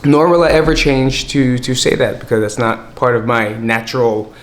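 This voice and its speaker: A man from the US East Coast hosting a podcast, talking in an energetic, hyped, chatty way in a casual monologue. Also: mid-range voice, normal speed, a little hiss or hum. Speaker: podcast host.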